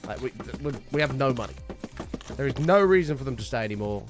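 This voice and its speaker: Ranting British man with lively pitch. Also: fast talker, faint music behind. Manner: heated ranting, frequent swearing, chatty asides to viewers. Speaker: live streamer. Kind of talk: casual live-stream chat.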